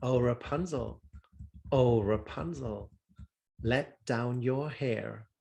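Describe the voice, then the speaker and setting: Storybook witch, old and angry, voiced by a man; slow, stern delivery. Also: mid-range voice, gravelly, darkish tone. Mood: calling. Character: angry old witch guarding her garden.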